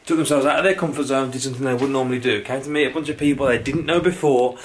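A young man vlogs to camera in a loose, energetic way, cursing casually as he goes. His voice sits at an ordinary pitch. Steady noise runs under the recording. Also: very fast. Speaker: vlogger. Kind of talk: casual vlog talk. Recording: noisy background.

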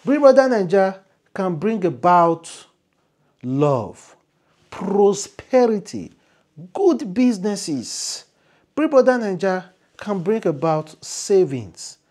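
A man with a Nigerian accent voicing a male heavenly voice that scolds and mocks, repeating taunts slowly and loudly. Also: high-pitched, creaky, voice pushed up, full character voice.

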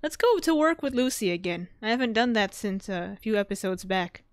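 A woman hosting a gaming channel, giving casual gameplay commentary in an excitable, jumpy way and often breaking into laughter and squeals. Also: medium pitch, fairly quick, no room sound, clean studio sound.

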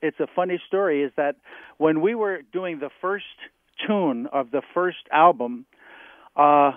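Animated older man on a phone line. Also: on the high side, a little slow, no echo. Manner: animated storyteller, acts out quotes. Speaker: guest drummer. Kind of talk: telling stories in a radio interview.

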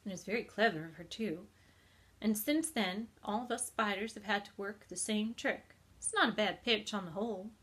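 Charlotte, a woman reading as a calm clever spider. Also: mid-range voice, normal speed, natural voice. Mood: explaining. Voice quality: thin pleasant voice. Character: female spider, calm, clever, matter-of-fact.

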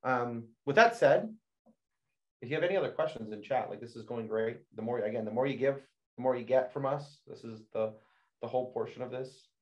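A man co-hosting a marketing meetup, giving energetic advice and often repeating words as he starts his sentences, over a video call. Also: medium pitch, brisk. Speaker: marketing agency co-host. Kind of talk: casual advice on a livestream. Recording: dull lo-fi video call audio.

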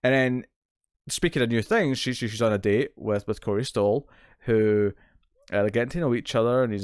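A man's voice: mid-range voice, moderate pace, clear, resonant tone, no room sound, studio quality. A British man co-hosting a TV recap podcast, retelling plot details in a rambling, casual way with many restarts. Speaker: podcast co-host.

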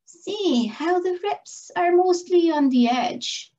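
A woman voicing a golden, slender sedge plant spirit in a storybook tale, speaking in a slow, reassuring way. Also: extremely high pitch, animated, mellow, pitched above the performer's own voice, heavily acted. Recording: dull lo-fi recording.

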